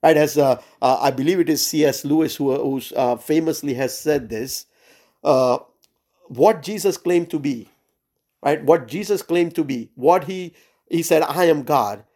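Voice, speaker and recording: A man leading a Bible study over a video call, preaching urgently with many pauses and fillers. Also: a little high, mellow. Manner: earnest and urgent, frequent "uh" and "right?" fillers. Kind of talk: sermon-style Bible teaching. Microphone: Zoom call.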